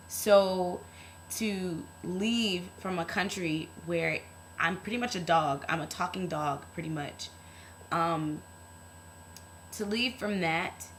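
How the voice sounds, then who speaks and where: A woman's voice: lowish voice, a bit bright, a little hiss or hum, poor audio. A young woman talking to camera in a casual vlog, earnest and heartfelt, rambling with lots of fillers. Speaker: vlogger.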